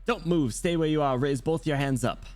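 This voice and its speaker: A man with a British accent voicing a stern, calm female squad commander, giving steady orders in his own voice. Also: fairly high pitch, normal speed, lightly acted. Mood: commanding.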